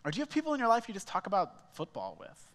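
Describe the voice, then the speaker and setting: A man's voice: sits high, wildly swooping pitch, rapid-fire, a bit bright. A young man preaching a sermon as a small groups pastor, telling stories in a conversational, self-mocking way. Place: church auditorium. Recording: reverberant church hall.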